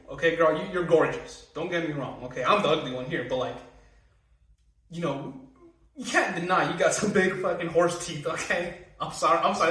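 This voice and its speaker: A young man with a fairly high voice talks through a TV season in a loose, rambling way, peppered with swearing and little laughs. He sits a bit back from the mic in a roomy, echoing space. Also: fairly bright tone, distant mic. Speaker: TV reviewer. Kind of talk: casual spoken review.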